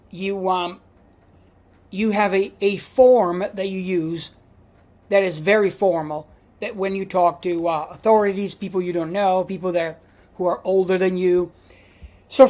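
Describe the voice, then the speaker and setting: A woman's voice: medium pitch, unhurried, darkish tone. A woman giving a classroom lecture as a language teacher, patiently repeating each example.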